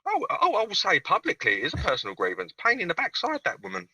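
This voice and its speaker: Sarcastic swearing man, very bright voice. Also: high-pitched, huge pitch swings, fast, breathy edge, no echo, rough recording. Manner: crude, sarcastic, swears freely. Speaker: caller. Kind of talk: casual video call-in chat.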